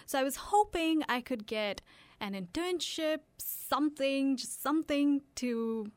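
A young woman with an Indian English accent, chatting in a radio interview, animated and quick to laugh, with halting restarts. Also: sits high, no echo. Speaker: radio guest.

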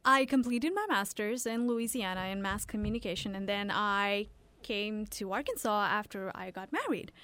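A young woman with an Indian English accent chats as a guest in a radio interview. She's animated, laughs readily, and restarts haltingly, speaking at a medium pitch.

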